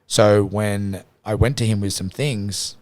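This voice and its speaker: A man talks on a podcast in a casual, reflective way, telling an earnest personal story. His voice sits very low, and the recording is dry with no room echo. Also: fairly even intonation, slow, darkish tone. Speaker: podcast guest.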